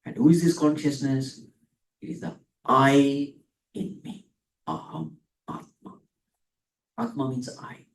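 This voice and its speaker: A man's voice: medium pitch, steady tone. A man giving a spiritual discourse, asking questions and answering them himself, lingering on Sanskrit words. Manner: asks and answers his own questions; dwells on Sanskrit terms, drawn out slowly. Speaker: spiritual teacher. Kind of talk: Vedanta discourse. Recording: echoey room, from a distance.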